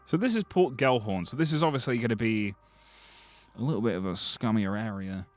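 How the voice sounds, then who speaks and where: A man's voice: lowish voice, brisk. A man chatting casually on a live stream, joking with his chat as he looks through game screenshots. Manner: chatty, jokey, lively.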